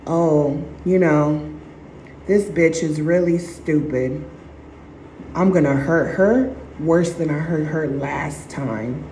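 A scheming narcissist sneers with cold contempt, low and mocking, voiced by a woman. The tone is dark and mellow, and it rings in a roomy space. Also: slow, a little hiss or hum. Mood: sneering. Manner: mocking, crude.

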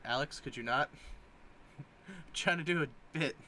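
A man's voice: a little high, measured pace, bright, forceful tone, slight background noise. A man in casual commentary, reading memes aloud and joking, sometimes putting on mock voices. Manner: jokey, reads captions aloud with mock voices.

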